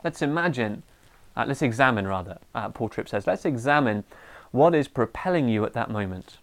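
Animated male preacher. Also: mid-range voice, normal speed. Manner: animated, acts out a ranting parent. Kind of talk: sermon.

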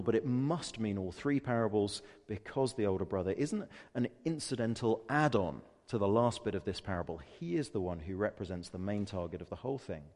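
A man delivers a sermon in an earnest, emphatic style, asking rhetorical questions. His voice sits fairly low. The sound carries a long reverb from a large hall. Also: darkish tone. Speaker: preacher.

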